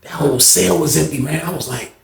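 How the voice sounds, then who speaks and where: A man tells a story in loose street slang, animated and acting out the voices of the people in it. His voice sits a bit high, with a gravelly fry running through it. The room around him is echoey. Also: a little fast. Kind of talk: casual storytelling.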